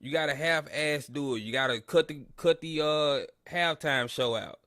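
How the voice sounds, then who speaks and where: Excited man trash-talking on a live stream. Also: fairly high pitch, moderate pace, no room sound, studio quality. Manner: boastful trash talk, then ranting complaints; talks straight to his chat audience. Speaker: host of a live sports listen-along stream. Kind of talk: casual live fan commentary.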